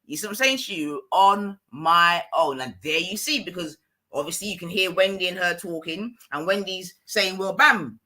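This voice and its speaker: A woman's voice: fairly low pitch, moderate pace, bright, forceful tone. A woman ranting on her own live stream, emphatic and repetitive, often asking the listener whether they follow. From London.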